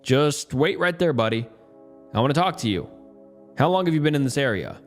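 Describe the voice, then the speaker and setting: A man's voice: on the high side, lively intonation, a little fast, faint music behind, voice pushed up, lightly acted. A man voicing a stern, hostile man in his fifties who barks orders in a cop-like tone. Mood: threatening. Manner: shouting, cop-like barked orders.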